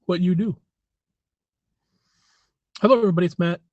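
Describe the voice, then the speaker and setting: A man's voice: high-pitched, moderate pace, a little mellow, dry recording, muffled recording. Rambling man on a live stream. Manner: rambling, chatty, frequent throat clearing. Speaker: livestream host. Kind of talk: casual live-stream chat.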